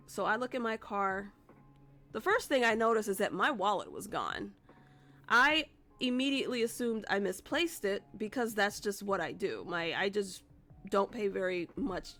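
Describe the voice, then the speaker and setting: A woman's voice: medium pitch, big pitch swings, measured pace, a bit bright, soft background music. A woman streamer casually telling a rambling, profane story to her live chat. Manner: chatty, profane, rambling with restarts.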